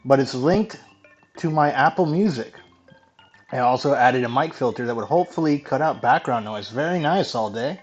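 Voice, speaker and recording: A man's voice: mid-range voice, darkish tone. Chatty male streamer, dull lo-fi mic. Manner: chatty, casual swearing, quick laughs. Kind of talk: casual live gameplay chat. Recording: dull lo-fi mic with faint music.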